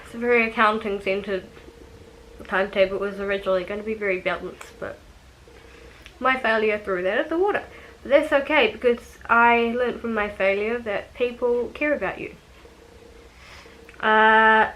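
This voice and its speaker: A young woman in casual vlog chat, easygoing and rambling, with plenty of fillers and small laughs. Her voice sits a touch higher than most women's. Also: normal speed, long pauses, fairly bright tone, slight background noise, low-quality recording. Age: young adult. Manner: chatty, rambling, with frequent ums and laughs. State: out of breath. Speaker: vlogger.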